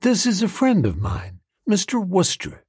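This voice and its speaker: A man's voice: high-pitched, wildly swooping pitch, a little slow, a little mellow, husky, no room sound, studio quality, voice pushed up, exaggerated voice. A man voicing a polite, reserved young woman who used to act on stage. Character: young woman, former actress, composed.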